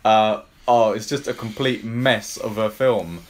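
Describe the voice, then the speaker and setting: A man's voice: on the low side, steady tone, unhurried, slight background noise. A man co-hosting a podcast, chatting casually about a film and giving blunt, dismissive verdicts. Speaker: podcast co-host. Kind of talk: casual film review chat.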